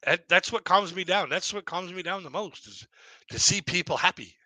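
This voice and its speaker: Here a middle-aged man does stand-up on a live stream, rambling and repeating himself while acting out other people in loud voices. His voice sits high and sounds pushed and bright, at a moderate pace. There's no room sound, but the recording is rough.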